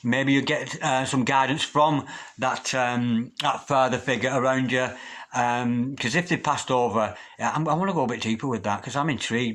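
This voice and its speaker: A man giving a tarot reading, gentle and gushing, who drops into a low, repeated chant when he calls on the spirits. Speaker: tarot reader. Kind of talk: tarot reading with spoken invocations.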